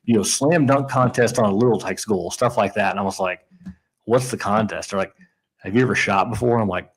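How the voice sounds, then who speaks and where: A man's voice: lowish voice, fairly quick, slightly rough, low-quality recording. A man in his thirties from Indiana, co-hosting a casual chat and telling a story with lots of restarts and quoted asides. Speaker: podcast co-host.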